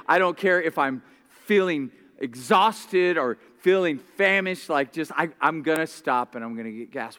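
Male pastor, high bright voice, animated storytelling sermon, stumbles over his openings. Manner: repeats words when starting sentences.

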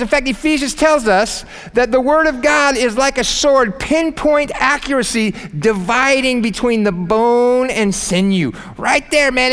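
A man preaching a sermon in church, animated and humorous, jumping between loud bursts and quiet asides and laughing at his own jokes. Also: extremely high pitch, clean tone. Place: church sanctuary.

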